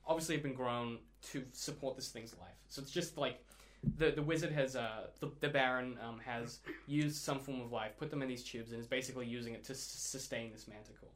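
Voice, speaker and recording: A man's voice: medium pitch, steady tone, brisk, fairly bright tone. A man narrating a tabletop game as game master, describing the scene in detail and often laughing as he goes.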